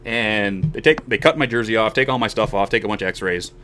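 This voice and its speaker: A man in his forties tells a long story on his podcast with a lively voice that swings up and down in pitch. He acts out each person in the tale. A faint noise sits under his streamed webcam audio. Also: brisk. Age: 40s. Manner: animated storyteller who acts out quoted voices. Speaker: show host.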